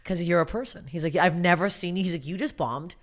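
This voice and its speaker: A woman with an unusually deep voice, a guest comedian telling profane, animated stories in a casual podcast chat. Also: fast.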